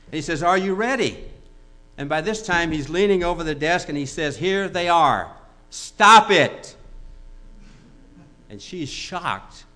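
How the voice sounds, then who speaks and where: A man's voice: medium pitch, fairly bright tone. A man preaching a sermon, telling a joke story with quoted dialogue before moving into emphatic exhortation. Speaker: pastor.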